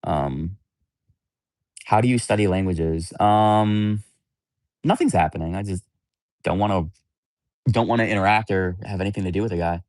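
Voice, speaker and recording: A man's voice: deep voice, moderate pace, pauses often, darkish tone, no room sound, studio quality. A man hosting a livestream, chatting casually with viewers in a candid, rambling, blunt way. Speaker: livestream host.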